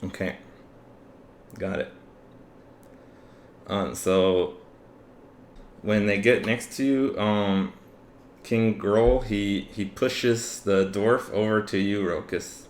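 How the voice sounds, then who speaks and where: A man running a tabletop game as game master, narrating the scene in a relaxed way with many fillers. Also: fairly low pitch, slow, pauses often. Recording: echoey room with faint ambient noise.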